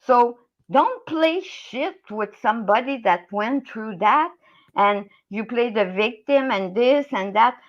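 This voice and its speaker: A woman's voice: on the high side, expressive, slow, lo-fi sound. A middle-aged woman with a French Canadian accent, ranting angrily on a live stream, swearing and tagging "okay?" onto her sentences. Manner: heated, swearing, repeats "okay?". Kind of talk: angry rant in a live chat.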